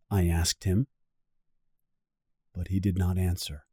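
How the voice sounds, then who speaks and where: A man reading a storybook aloud slowly and clearly for English learners. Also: sits low, sing-song, a little mellow, no echo, clean studio sound. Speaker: reader of a guided English reading. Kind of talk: slow storybook narration for learners.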